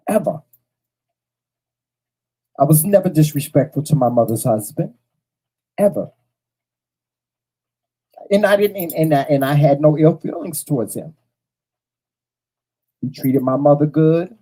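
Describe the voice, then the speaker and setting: Husky, blunt man telling a story. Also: on the high side, lively intonation, measured pace, pauses often, dark tone, low-quality recording. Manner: blunt, profane, repeats phrases for emphasis. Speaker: host. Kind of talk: casual storytelling monologue to viewers.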